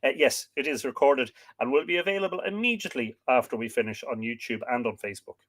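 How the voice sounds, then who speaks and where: A man's voice: medium pitch, lively intonation, fast, a bit bright. An Irish man hosting a livestream, casually reading out and answering viewer comments with many fillers. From Ireland. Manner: chatty, reads out names and greetings with frequent fillers. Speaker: livestream host. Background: dog barking at times.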